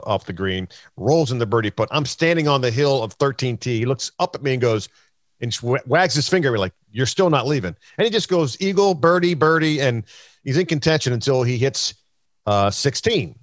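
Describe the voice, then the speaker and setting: Dry-voiced man, animated golf storyteller. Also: mid-range voice, brisk, no room sound. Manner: animated storyteller, many fillers and quoted voices. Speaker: host. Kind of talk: casual golf chat and storytelling.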